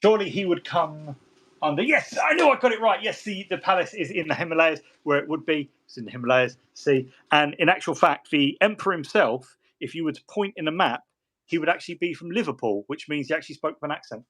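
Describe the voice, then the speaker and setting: A fairly high, bright male voice with lively intonation and a fast pace. He hosts a hobby stream, chatting casually while painting models at his desk, rambling and joking with plenty of restarts and asides.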